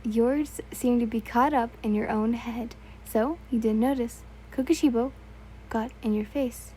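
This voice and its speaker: A woman's voice: fairly high pitch, unhurried, mellow, a little hiss or hum, poor audio. A young woman reading fan fiction aloud in a casual, stumbling way, correcting herself and adding asides.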